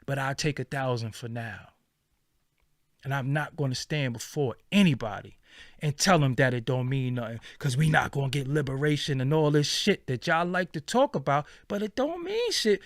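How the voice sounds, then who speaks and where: A man's voice: a little high, fairly bright tone, dry recording, clean studio sound. A middle-aged man in an impassioned, profane rant to his viewers, repeating phrases for stress. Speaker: vlogger.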